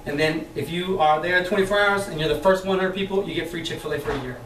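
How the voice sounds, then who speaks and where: A chatty, animated man teaches a roomful of trainees, laughing as he goes and putting on voices for the people he quotes. He sits a little high for a man, and the sound is roomy and echoey, as if the mic is some way off. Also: quick pace, noisy background. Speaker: sales trainer. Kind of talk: training talk to a live group. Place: meeting room with an audience. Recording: echoey room, mic far off.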